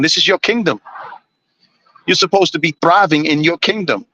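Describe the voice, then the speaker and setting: Blunt, forceful man ranting on a stream. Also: high voice, fairly quick, low-quality recording. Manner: blunt, preachy, swears constantly. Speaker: live streamer. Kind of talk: profane ranting monologue.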